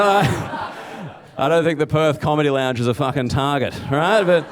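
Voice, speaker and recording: A man's voice: on the high side, expressive, normal speed. An Australian man doing a stand-up set, telling stories in a laid-back, dry way. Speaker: stand-up comedian.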